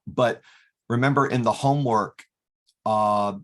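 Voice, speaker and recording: A man leading an online workshop, explaining software step by step and often pausing with "okay" to restart. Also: mid-range voice. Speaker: workshop facilitator teaching LaTeX. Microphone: video call.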